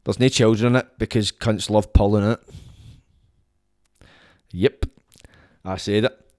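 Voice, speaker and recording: A Scottish man talks loosely and swears freely, rambling between stories with lots of energy. His voice sits on the low side, recorded close and dry on a phone. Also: steady tone, a little slow, darkish tone, dry recording. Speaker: podcast host. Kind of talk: casual monologue to camera.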